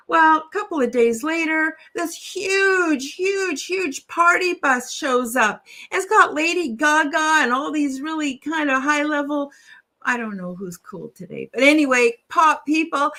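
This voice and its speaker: A woman with a high, bright voice tells a long joke over a video call. She is chatty and a little self-deprecating. She keeps the tale moving with plenty of small asides. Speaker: guest. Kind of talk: telling a joke on a live stream.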